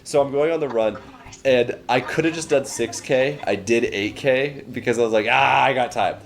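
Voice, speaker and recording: A man's voice: medium pitch, normal speed, vocal fry. A young man from Canada, co-hosting a podcast, telling a story in casual chat. He swears freely and acts out the voices of the people he quotes. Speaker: podcast co-host.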